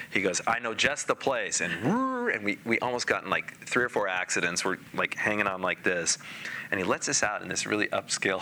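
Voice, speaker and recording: A man giving a spiritual talk to a live audience, telling stories in a lively way with frequent laughs and restarts. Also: sits low, slight background noise. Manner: animated storyteller, laughs often, many restarts. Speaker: spiritual teacher. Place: meeting room with a live audience.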